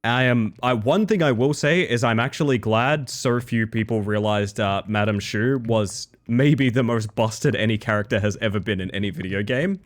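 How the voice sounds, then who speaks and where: With a lowish voice and few pauses, an Australian man keeps up a moderate pace while chatting with viewers during a game stream. He's casual and rambling, swears freely, and frequently abandons sentences only to begin them again.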